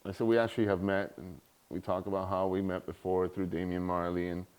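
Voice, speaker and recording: Low-voiced man telling a story in a lecture. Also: brisk, smooth. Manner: animated, acts out quoted voices. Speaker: guest lecturer.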